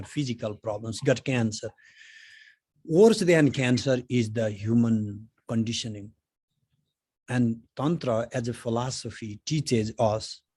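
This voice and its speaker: A man's voice: medium pitch, slightly rough, no echo. Conversational male lecturer, dry sound. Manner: conversational, many "you know" fillers, grows animated in anecdotes. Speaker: lecturer on Tantra. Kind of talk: informal introductory lecture.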